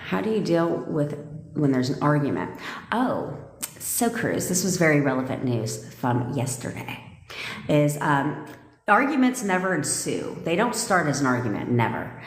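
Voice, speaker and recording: A low-pitched woman talks straight at her viewers, blunt and emphatic, swearing freely as she coaches them. Her voice rings in an echoey room with a long reverb tail. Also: very animated, normal speed. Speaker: manifestation coach. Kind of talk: live-stream coaching talk.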